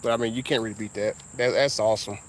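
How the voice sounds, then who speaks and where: A man with a Southern US accent rambling casually as a car vlogger outdoors, drawing out his words and breaking into sudden high exclamations. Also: steady tone, a little hiss or hum. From Southern United States. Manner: laid-back, drawn-out talk with sudden high exclamations.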